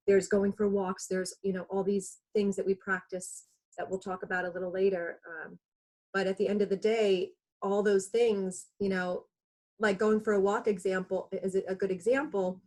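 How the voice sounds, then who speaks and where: Woman musing out loud on a call, lots of um and like, mid-pitched. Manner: reflective, rambling with fillers. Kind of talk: casual chat.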